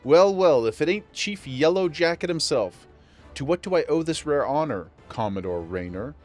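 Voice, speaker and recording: Gruff sailor barkeep played by a man, hammy dockside accent, brassy, pitched up. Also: expressive, normal speed, a little mellow, faint music behind, close to an everyday voice. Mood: teasing. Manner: clumsy put-on rough dockside accent. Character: gruff male tavern keeper, burly sailor type. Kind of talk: reading game dialogue aloud.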